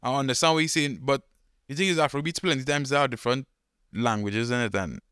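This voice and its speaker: Smooth-voiced man, relaxed chat. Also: medium pitch, no echo, studio quality. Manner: relaxed, rambling, drawn-out thinking aloud. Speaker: podcast co-host. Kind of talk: casual chat.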